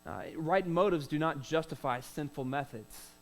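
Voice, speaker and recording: A man's voice: on the high side, normal speed, poor audio. A man preaching a sermon as pastor, in a conversational way with rhetorical questions, "uh" fillers and repeated words.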